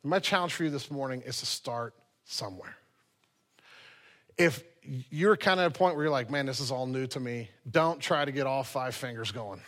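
Bright-voiced earnest male pastor preaching. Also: mid-range voice, normal speed. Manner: earnest, repeats phrases for emphasis. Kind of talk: sermon.

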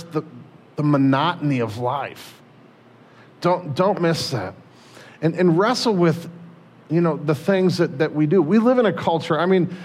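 A male pastor preaching in a relaxed, conversational way, often restarting his sentences. His voice sits a little high for a man. He speaks plainly and jokes at his own expense. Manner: conversational, self-deprecating, frequent restarts. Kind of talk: sermon.

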